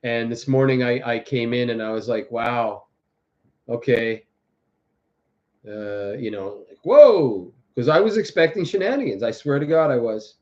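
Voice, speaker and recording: A man's voice: medium pitch, animated, brisk, few pauses. Guy rambling on his live stream, lots of uh and restarts, kinda dull lo-fi sound. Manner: rambling, many restarts and fillers; mocks others with exaggerated quoted voices. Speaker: livestream host. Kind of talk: casual political commentary. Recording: dull lo-fi audio.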